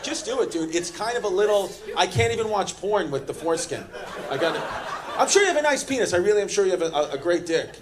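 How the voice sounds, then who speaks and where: A man's voice: high voice, lively intonation, quick pace. A man doing brash, profane stand-up and teasing people in the crowd at a comedy club. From Queens, New York. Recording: live club with loud crowd laughter.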